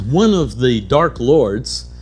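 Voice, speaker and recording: A man's voice: mid-range voice, lively intonation, extremely slow, gravelly, husky. Man telling spiritual stories at a conference. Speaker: keynote speaker. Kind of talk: spiritual storytelling lecture. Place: conference hall.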